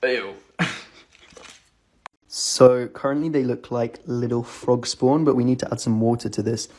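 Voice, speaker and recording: A man talking in a casual, excitable vlog style, filming himself on a phone at home and out at a farm. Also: measured pace. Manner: chatty and excitable, coos high at animals. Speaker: vlogger.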